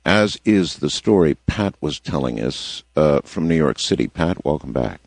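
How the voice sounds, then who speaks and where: Deep-voiced male radio host, dry and close. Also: normal speed, breathy edge, no echo. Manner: relaxed, conversational, reacts to callers. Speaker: radio talk show host. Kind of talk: late-night call-in radio hosting. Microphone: studio microphone.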